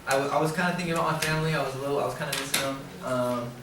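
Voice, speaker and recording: A young man giving a casual slideshow presentation as a student presenter, relaxed and rambling with lots of fillers and restarts, recorded in a very echoey room from a distant mic. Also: mid-range voice, very fast, noisy background. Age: young adult.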